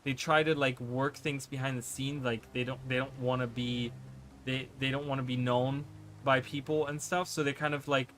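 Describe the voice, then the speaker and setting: A man's voice: medium pitch, level tone, moderate pace, fairly bright tone. A man whose first language is not English, casually commenting on a game stream in a rambling way, full of fillers. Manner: rambling, many fillers and restarts.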